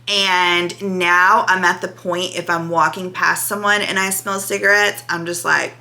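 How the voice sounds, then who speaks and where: Bright-voiced chatty woman vlogger. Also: fairly low pitch, little pitch movement, unhurried. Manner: chatty, candid, emotional. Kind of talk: casual reaction vlog.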